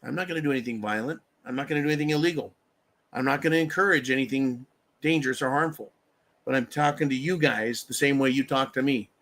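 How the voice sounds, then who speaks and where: A man's voice: medium pitch, fast talker, fairly bright tone. A man hosting a live stream, ranting angrily with heavy profanity and thanking viewers for donations. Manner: angry, heavily profane. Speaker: livestream host. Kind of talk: political rant on a live stream.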